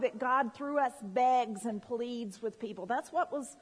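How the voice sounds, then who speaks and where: A woman preaches from the pulpit in a fairly high, slightly husky voice. She moves from hushed storytelling to loud, pleading calls, with her voice ringing through a reverberant church hall. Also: expressive, normal speed. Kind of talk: sermon with personal story.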